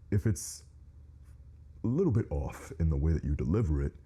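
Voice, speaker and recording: A man giving steady, direct advice as a communication coach in a direct-to-camera instructional talk. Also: extremely low pitch, breathy edge.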